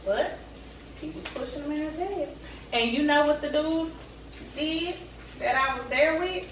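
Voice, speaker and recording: A woman vlogger telling a story straight to her viewers in a chatty, animated way. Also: high voice, unhurried, far from the mic, slight background noise. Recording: echoey room, away from the mic.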